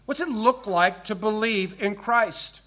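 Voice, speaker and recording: A pastor delivering a sermon, his voice sitting high for a man. He preaches earnestly, slowing to stress scripture and sinking soft and low on key words.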